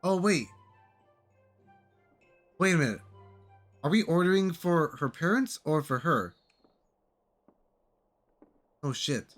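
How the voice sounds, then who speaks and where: A man streaming a video game, chatting casually and reacting out loud to the story. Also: fairly high pitch, animated, takes it slowly, long pauses, soft background music. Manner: chatty, reactive, lots of "like" fillers. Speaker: gaming streamer. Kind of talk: casual playthrough reaction commentary.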